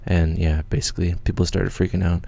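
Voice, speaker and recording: A Canadian man hosting a livestream, telling a story in an excited, rambling way with lots of swearing and restarts. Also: deep voice, a little fast, vocal fry, dry recording. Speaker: channel host.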